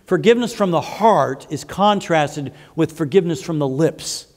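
A man preaching in a church, his voice pitched on the high side for a man as it carries through a hall with a long reverb tail. He works through scripture in a conversational way, pausing to restart phrases and add asides. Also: lively intonation, a little mellow. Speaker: pastor. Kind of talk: sermon. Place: church sanctuary.

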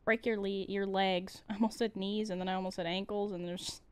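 A young woman streaming a game, chatting casually, laughing often and yelling at the game. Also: medium pitch, little pitch movement, a little fast, smooth. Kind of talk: casual gameplay commentary.

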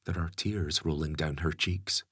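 A man narrating an audiobook in a steady, expressive storytelling manner. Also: extremely low pitch, a little slow, slightly rough, dry recording, studio quality. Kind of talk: scripted narration.

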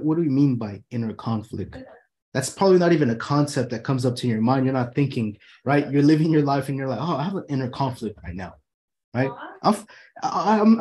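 A man's voice: medium pitch, a little mellow. A man hosting his own talk show from his room, talking casually and animatedly, swearing freely and acting out people's inner thoughts. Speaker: host.

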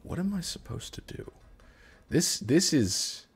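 A man's voice: a little high, animated, a little slow, gravelly, breathy edge. A man streaming a video game, chatting casually with a co-host and joking as he reads game text aloud. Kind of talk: casual gaming chat.

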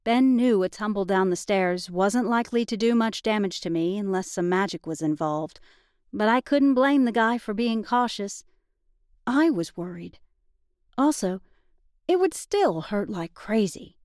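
Woman, audiobook narrator, first-person story, conversational, medium pitch, dry close-mic sound. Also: lively intonation, unhurried, darkish tone, dry recording.

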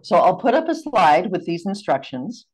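An American woman running a seminar over a video call, giving clear, measured and courteous instructions. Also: lowish voice, sing-song. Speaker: seminar facilitator.

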